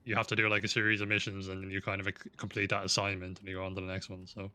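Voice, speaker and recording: A man's voice: low voice, monotone, racing, pushed and bright. A man guiding friends through a game, explaining steps patiently. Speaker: experienced player guiding others. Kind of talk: casual gaming chat.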